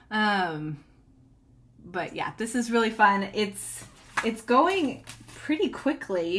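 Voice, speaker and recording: Bubbly chatty woman vlogger. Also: mid-range voice. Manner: bubbly, giggly, rambling with restarts. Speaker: cross-stitch vlogger. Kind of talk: casual chatty show-and-tell.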